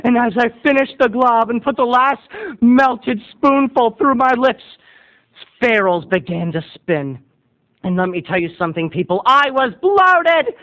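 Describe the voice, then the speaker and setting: A man spins a comic childhood tale as a video blogger, hamming it up with theatrical flourishes. His voice sits unusually high and bright, with a forceful, ringing tone. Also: lively intonation, a little slow, dull audio. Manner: theatrical, exaggerated delivery. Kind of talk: comic storytelling monologue.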